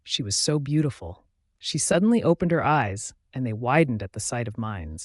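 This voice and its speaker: A man's voice: medium pitch, expressive, moderate pace, dry recording, clean studio sound. Man reading a romance audiobook. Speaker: audiobook narrator. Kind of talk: first-person audiobook narration.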